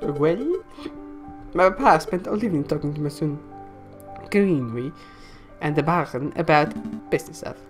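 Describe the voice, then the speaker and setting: A woman voicing an excitable young noble lady who gushes in breathless chatter in a game playthrough. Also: low-pitched, normal speed, music in the background. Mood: chatty.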